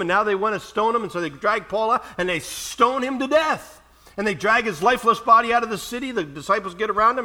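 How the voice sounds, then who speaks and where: A man preaching a sermon, walking through scripture and reading passages aloud with slow emphasis. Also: high voice, pushed and bright. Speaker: pastor.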